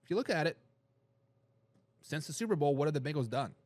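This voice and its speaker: A man hosting a live sports talk show, giving loud opinions on football and reading out viewer comments. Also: fairly high pitch, a little fast, no echo. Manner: animated, opinionated, reads chat comments aloud.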